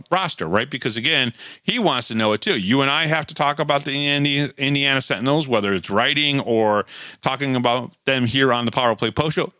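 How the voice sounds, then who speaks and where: A man's voice: mid-range voice, bright, forceful tone, dry recording. Chatty man recapping hockey. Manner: chatty, recaps stats with frequent restarts. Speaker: podcast co-host. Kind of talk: casual sports talk and game recap.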